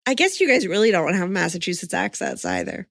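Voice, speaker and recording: A woman co-hosts a casual podcast chat, blunt and chatty, agreeing quickly as the talk goes on. Her voice is noticeably gravelly and a touch low, and it is recorded dry and close. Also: huge pitch swings, fairly bright tone, no echo. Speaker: podcast co-host.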